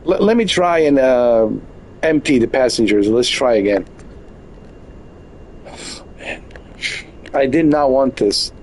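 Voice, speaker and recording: A man streams a flight game from his bedroom, chatting casually at a middling pitch. He jokes constantly, grumbling in overblown mock complaint. A faint hiss sits behind him. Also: animated, takes it slowly, pauses often, a little mellow, low-quality recording. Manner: joking, exaggerated mock complaints with laughs. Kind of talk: casual live gameplay commentary. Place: bedroom at home.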